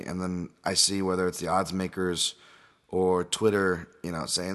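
A man's voice: low voice, fairly even intonation, measured pace, a bit bright. A man hosting a casual solo podcast, rambling and correcting himself as he talks through a strained, sore throat. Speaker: podcast host and fight analyst.

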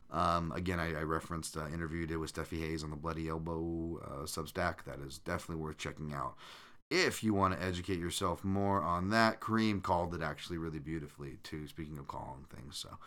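A man's voice: low-pitched, sharp tone. A man hosting a live-streamed podcast, chatting loosely and reading out viewer comments, with plenty of fillers and restarts. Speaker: podcast host.

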